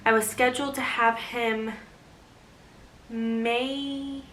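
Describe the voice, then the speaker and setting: A woman's voice: a little high, fairly even intonation, slow pace, fairly bright tone, a little hiss or hum. A young woman chatting in a casual vlog, rambling and laughing often, short of breath as she talks. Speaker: vlogger. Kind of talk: casual pregnancy update vlog.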